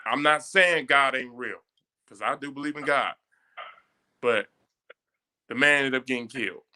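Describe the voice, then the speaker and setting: Guy with a bright forceful voice, storytelling, preachy and emphatic. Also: mid-range voice, measured pace. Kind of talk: casual discussion.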